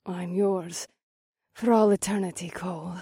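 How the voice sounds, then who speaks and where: A man voicing a devoted, breathy blonde serpentine witch in an erotic audio story. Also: high-pitched, fairly even intonation, a little slow, mellow, no room sound, clean studio sound, voice pushed up, full character voice. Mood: adoring. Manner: adoring, submissive.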